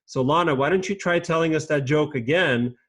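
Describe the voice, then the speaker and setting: A man teaching a children's class over a video call, patient and encouraging, speaking slowly and clearly. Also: a little high, background noise.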